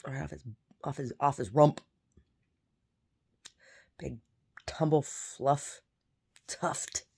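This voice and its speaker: A woman's voice: low voice, slow, a little mellow, husky. A woman vlogger chatting casually and meandering, repeating words and muttering asides to herself. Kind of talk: casual rambling chat.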